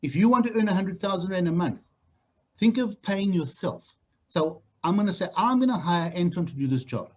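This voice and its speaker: South African trainer, middle-aged man, husky and fairly high, blunt and teasing delivery for group training. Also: normal speed. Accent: South African English. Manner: blunt, animated, teasing the room. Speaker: real estate trainer. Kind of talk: training talk to new agents.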